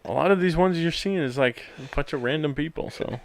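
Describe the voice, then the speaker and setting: A man's voice: a little high, a little fast, no echo. A man co-hosting a podcast, chatting casually about a film and reading out favorite lines, with plenty of fillers and laughs. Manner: chatty, reads out quotes, frequent fillers and laughs. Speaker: podcast co-host. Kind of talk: casual movie review chat.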